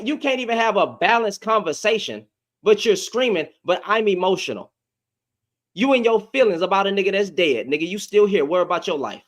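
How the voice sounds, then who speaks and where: A man's voice: high-pitched, a bit bright. A man hosting a live audio debate, arguing heatedly and repeating his phrases over and over. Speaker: host.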